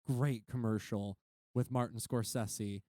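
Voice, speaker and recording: A man's voice: medium pitch, fairly even intonation, unhurried, dark tone, no room sound, clean studio sound. A man co-hosting a podcast in casual chat, rambling and using lots of "like". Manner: rambling, full of "like". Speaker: podcast co-host.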